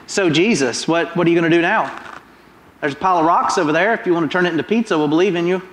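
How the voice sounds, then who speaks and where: Man acting out a mocking crowd member, sarcastic, rapid taunts, fairly high voice, roomy reverb. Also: fairly bright tone, a little hiss or hum, natural voice. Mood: taunting. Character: goading, mocking crowd man demanding signs. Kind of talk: acted scripture retelling in a sermon. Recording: roomy echoing hall.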